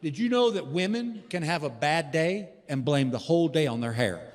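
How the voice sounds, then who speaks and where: The comedian here has a fairly high pitch and lively intonation, speaking at normal speed against a noisy background. During his stand-up set in a large theater, he tells down-home stories and performs both sides of the conversation, with the hall's reverb audible.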